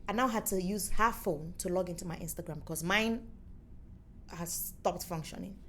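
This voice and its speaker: A young Nigerian woman tells her story in a relaxed interview and acts out what other people said. She talks in a playful, animated way. A faint hiss sits under her voice. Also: lowish voice, normal speed. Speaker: musician and former radio presenter, interview guest.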